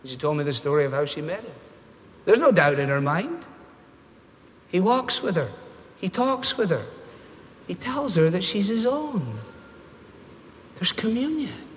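Bright-voiced preacher in a reverberant hall. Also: male voice, measured pace, pauses often, slight background noise. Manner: storytelling, animated, shifts pitch for quoted voices. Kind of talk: sermon.

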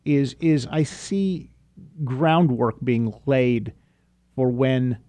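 Man, talk host, casual, halting speech, dry close mic. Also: medium pitch, dark tone, no room sound. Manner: halting, restarts often, affirming. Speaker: radio talk show host. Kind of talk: casual interview chat.

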